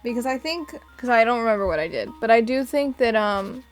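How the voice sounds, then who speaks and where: A young woman chatting casually as she plays a puzzle game, giggling and thinking out loud. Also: on the high side, expressive, fairly quick, soft background music. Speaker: game streamer. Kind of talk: casual let's-play chat.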